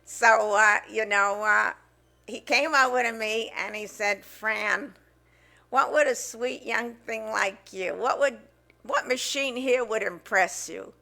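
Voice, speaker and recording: A woman's voice: a little high, slow, creaky, pushed and bright, heavily acted. A woman impersonating a chatty, wisecracking woman telling a joke about the gym. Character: sassy middle-aged woman from the gym.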